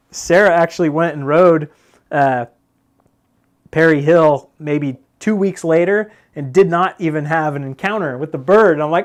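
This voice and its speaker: A man's voice: fairly high pitch, unhurried, long pauses. Rambling casual guy on a bike live stream. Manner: rambling, filler-heavy, laughs often. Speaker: mountain bike YouTuber.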